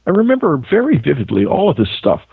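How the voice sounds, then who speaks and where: A male author, a guest on a radio show, recounting events in a halting way, searching for words. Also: a little high, huge pitch swings, gravelly, background noise. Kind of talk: phone interview, personal recollection. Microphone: telephone. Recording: tinny phone line.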